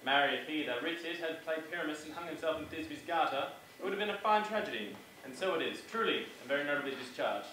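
A man's voice: a little high, lively intonation, fast, few pauses, bright, forceful tone, slight background noise. A man playing a courtly, declaiming duke. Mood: commanding. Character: noble duke dismissing the players. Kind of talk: stage play performance. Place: theatre stage. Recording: very echoey stage sound from far off.

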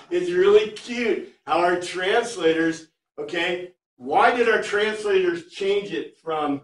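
Guy teaching bible class, kinda high voice, echoey room, mic far off. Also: takes it slowly. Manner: chatty, animated, reads Greek word by word.

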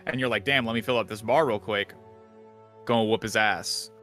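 Man, podcast host, casual chat, swears, bright tone, soft music behind. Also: fairly low pitch, normal speed. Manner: rambling, animated, swears casually. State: out of breath.

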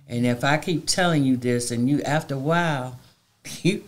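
A woman's voice: rumbling low, moderate pace. Middle aged woman on a talk show, real emphatic and heartfelt, kinda preachy rhythm. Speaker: community advocate guest. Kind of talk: interview conversation.

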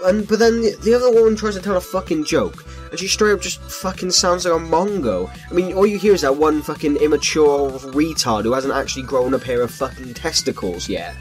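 Reaction vlogger, male, foul-mouthed incredulous rant, voice sits a little high, soft music underneath. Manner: ranting, incredulous, heavy swearing. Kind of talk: profane reaction commentary. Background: faint background music.

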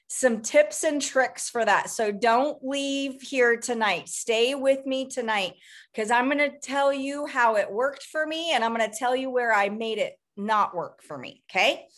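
A middle-aged woman hosting a motivational group coaching call, upbeat and rambling, with quick bursts of speech. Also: on the high side, a bit bright.

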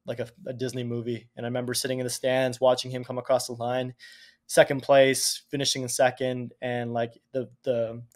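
A man in his thirties from Canada, a podcast guest telling stories in casual chat, animated and cursing freely. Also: medium pitch, fairly quick. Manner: animated, swears casually, acts out quotes. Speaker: podcast guest, Olympic speed skater. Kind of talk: casual storytelling.

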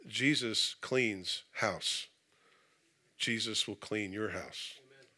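A pastor giving a conversational sermon in a church, mixing scripture reading with casual asides and jokes. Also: male voice, fairly low pitch, takes it slowly, bright, forceful tone. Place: church sanctuary.

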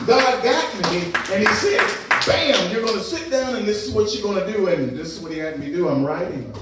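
A middle-aged man preaching a sermon as a pastor, telling a personal story in a lively, conversational way and laughing as he goes. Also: high-pitched, normal speed, heavy background noise. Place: church sanctuary. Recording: echoey church sanctuary from a distance.

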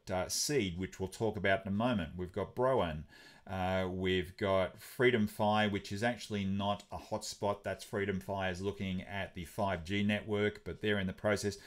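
A man hosting a crypto update video, talking casually with many fillers and restarts. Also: on the low side. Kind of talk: casual explainer commentary.

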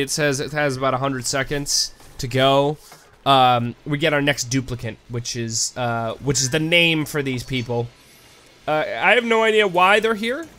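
A man giving casual, animated gameplay commentary, swearing freely and swinging between goofy outbursts and quiet mumbles. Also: a little high. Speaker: let's play gamer.

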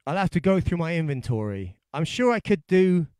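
A man's voice: fairly high pitch, big pitch swings, a little fast, a little mellow, smooth, no room sound. A man with a London accent hosting a casual livestream, chatting and telling stories in a rambling, jokey way with lots of restarts. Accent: London English. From London, England. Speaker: singer-songwriter livestream host. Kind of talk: casual livestream chat and storytelling.

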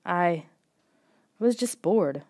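A woman's voice: lowish voice, animated, very slow, a little mellow, exaggerated voice. A woman voicing an anxious young boy who stammers and pleads his innocence, from a storybook audiobook. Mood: pleading.

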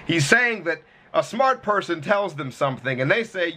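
A man's voice: fairly high pitch, big pitch swings, normal speed, bright, forceful tone. A man hosting a reaction video, talking in a profane, joking way from a hot room at home. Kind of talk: casual commentary.

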